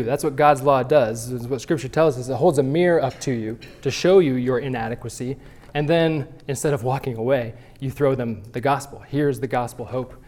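A man's voice: medium pitch, darkish tone. A man teaching a Sunday school class at church, talking conversationally and often restarting his phrases.

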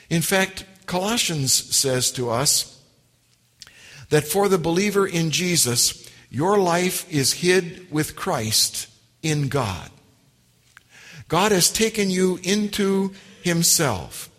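A man preaching a sermon, slow and deliberate, stressing key words by repeating them. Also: fairly high pitch, a bit bright. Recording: long hall reverb.

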